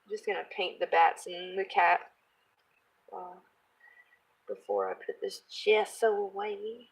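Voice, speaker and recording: A woman in her thirties casually chatting while she crafts, rambling off on tangents, laughing at herself and clearing her throat. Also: medium pitch, very animated, measured pace, poor audio. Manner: rambling, self-deprecating, laughs often. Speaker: craft video host.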